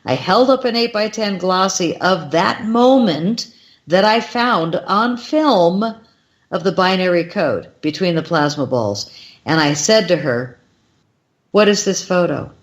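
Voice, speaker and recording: A woman guest on a radio show, telling a personal story in an excitable way and acting out the lines of the people in it. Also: fairly low pitch, a little slow. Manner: excitable, acts out quoted dialogue with shifting voices. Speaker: guest, crop circle filmmaker.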